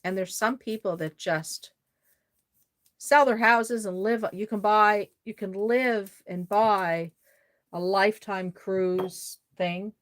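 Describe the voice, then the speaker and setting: A woman's voice: medium pitch, fairly even intonation, slow pace. A woman with a Cape Breton Maritime Canadian accent, hosting a casual livestream and chatting effusively with viewers while she works. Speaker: doll-making livestream host.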